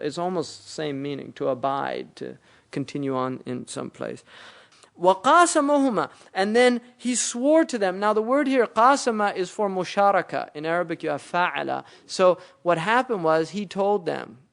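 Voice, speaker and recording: A man's voice: on the high side, vocal fry. A man giving a religious lecture, explaining Arabic words and verses, often rising into emphatic explanation. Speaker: Islamic teacher.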